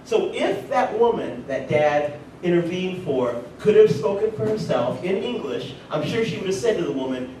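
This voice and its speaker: A man's voice: moderate pace, few pauses. Man telling stories in an echoey hall. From rural North Carolina. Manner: animated, warm asides to the audience. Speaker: conference speaker. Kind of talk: personal storytelling speech. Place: conference hall. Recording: echoey hall from far off, faint rumble.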